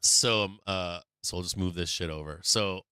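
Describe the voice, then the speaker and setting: A man's voice: sits low, moderate pace, bright, forceful tone, clear, resonant tone, dry recording, clean studio sound. A man hosting a live stock market stream, telling a rambling, profane story with lots of fillers between market remarks.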